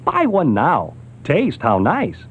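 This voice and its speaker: A man voicing a cheery male pickle mascot in an old ad jingle, in a sing-song rhymed pitch. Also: huge pitch swings, slow pace, fairly bright tone, slightly rough, dull audio, full character voice. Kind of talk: vintage ad jingle.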